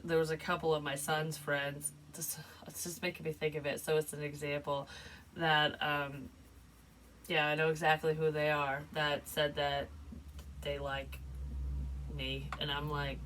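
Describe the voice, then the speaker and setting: Low-voiced woman giving a frank tarot reading. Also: fairly bright tone, far from the mic, slight background noise, poor audio. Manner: rambling, frank, swears freely. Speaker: psychic tarot reader.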